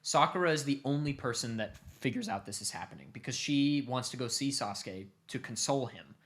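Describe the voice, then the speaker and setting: A young man casually retelling a long story to his family, animated and cursing offhandedly. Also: mid-range voice, fairly quick. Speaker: streamer host.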